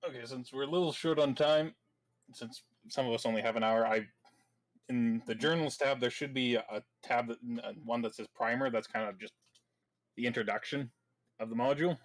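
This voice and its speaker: A man acting as game master of an online tabletop game, explaining rules in a relaxed, easygoing way. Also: medium pitch, a little fast.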